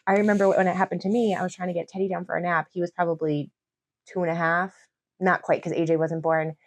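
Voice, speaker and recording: Podcast co-host, woman, thirties, earnest explainer, lowish voice, dry close sound. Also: little pitch movement, fast talker, dry recording. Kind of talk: casual chat.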